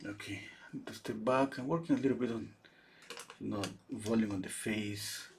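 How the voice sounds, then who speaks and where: Gravelly-voiced man rambling while painting. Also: fairly low pitch, normal speed, a little mellow, a little hiss or hum. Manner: rambling, fillers and restarts, chuckling. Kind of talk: casual storytelling during a live painting.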